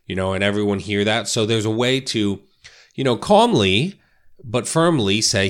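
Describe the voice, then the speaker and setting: Guy with a lowish voice giving a relaxed coaching talk to realtors, keeps tossing in "right?". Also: moderate pace. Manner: conversational, peppered with "right?" and "you know". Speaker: real estate coach. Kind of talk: casual instructional talk.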